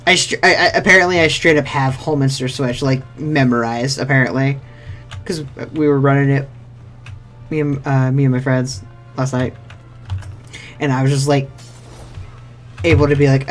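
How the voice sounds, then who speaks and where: A streamer at mid pitch mutters and swears freely while playing an online role-playing game, in casual commentary that sometimes reads game text aloud. Faint game music and keyboard typing sit behind the voice. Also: steady tone, normal speed, long pauses, a bit bright. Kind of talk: casual let's-play commentary.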